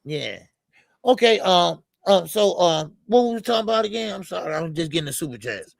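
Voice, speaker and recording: A man's voice: sits high, lively intonation, a little fast, vocal fry, dry recording. A man hosting a boxing live stream in a casual, rambling way, with many fillers as he reads out super chats. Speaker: boxing show host.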